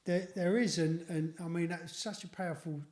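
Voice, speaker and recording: A man's voice: a little high, steady tone, moderate pace, darkish tone, reverberant. A man hosting a podcast, responding to his guest with affirming reflections. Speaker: podcast host. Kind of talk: casual interview chat.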